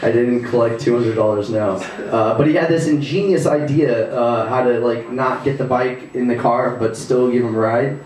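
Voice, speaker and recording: A male comedian doing a stand-up set at a house party, rambling with lots of fillers and halting restarts. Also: mid-range voice, a little mellow. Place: living room at a house party. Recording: echoey room from far off.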